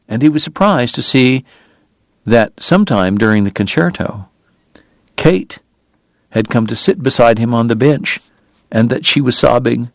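A man narrating an audiobook in a measured, lyrical storytelling manner. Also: medium pitch, dry recording, clean studio sound. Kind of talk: scripted narration.

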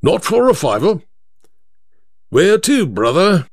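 A man's voice: high-pitched, very animated, slow, no room sound, studio quality, pitched above the performer's own voice, exaggerated voice. A man voicing a working-class cab driver who lectures about the solidarity of the working class in a righteous, speechifying manner. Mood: indignant.

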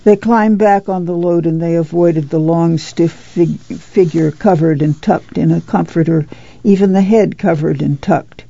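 Gravelly, dark-toned woman narrating. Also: fairly low pitch, a little slow, no room sound. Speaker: audiobook narrator. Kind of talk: scripted narration. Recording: dull lo-fi recording.

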